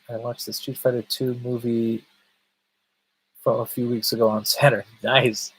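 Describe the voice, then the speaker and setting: A man's voice: medium pitch, slightly rough, rough recording. A man chatting casually on a live stream, rambling and stammering, answering viewers' comments. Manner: rambling, stammers and restarts often; chats with viewers, reading their comments. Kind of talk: casual livestream chat.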